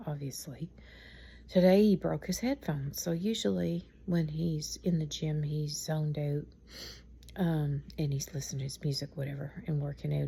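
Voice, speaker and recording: A middle-aged woman, worn out at bedtime, rambles through a strange story in a chatty way and laughs at herself as she goes. Her voice sits low and gravelly, with a dark, husky tone. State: tired, speaking softly at night. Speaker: mother telling a story. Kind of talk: casual storytelling vlog.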